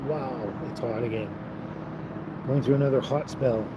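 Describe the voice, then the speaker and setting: A livestream host reads viewer chat in a relaxed, casual way, speaking at an ordinary mid pitch and a little slowly. He chuckles often and trails off with fillers, and since he's outdoors, traffic and street noise come through clearly behind him.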